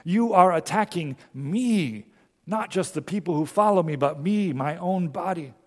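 A male preacher voicing a solemn divine voice from heaven, slow and hushed. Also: high-pitched, expressive, long reverb tail.

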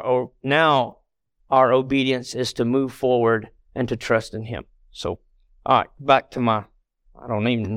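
A man's voice: a little high, smooth, no room sound, clean studio sound. A middle-aged man giving a conversational sermon as a lay church member, earnest and plainspoken, talking directly to the congregation.

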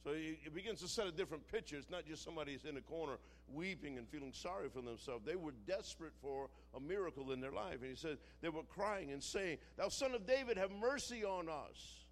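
A man preaching a sermon, moving from quiet storytelling to shouted, dramatic passages. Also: on the high side, quick pace, few pauses.

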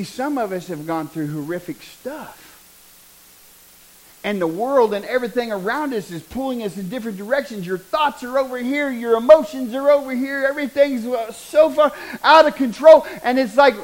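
A middle-aged man preaching a sermon, joking and building to loud bursts. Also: very high voice, moderate pace, low-quality recording. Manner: animated, joking, preaching with rising bursts and laughter.

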